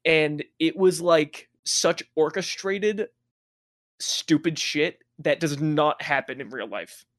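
A man's voice: on the high side, takes it slowly, no echo, studio quality. Young man telling a wild story. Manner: profane, laughing, animated anecdote telling. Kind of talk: casual storytelling chat.

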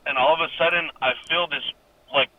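A man's voice: on the high side, fairly even intonation, fairly quick, dry recording. A young adult man calling in to tell a personal ghost story, rambling and swearing casually, laughing often. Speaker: caller. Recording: muffled phone-line call with faint hiss.

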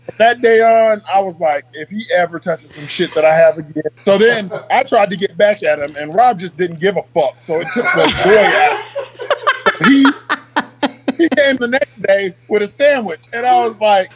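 A man's voice: high-pitched, normal speed, a crowd in the background, poor audio. A middle-aged man and Army veteran, telling profane stories in casual chat and laughing as he goes. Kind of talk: casual storytelling.

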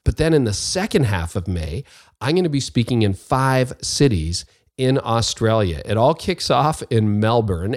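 A man's voice: mid-range voice, a little mellow, no room sound, clean studio sound. A middle-aged man hosting a podcast, chatty and upbeat, with frequent fillers. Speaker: podcast host. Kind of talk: podcast ad read and interview. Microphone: video call.

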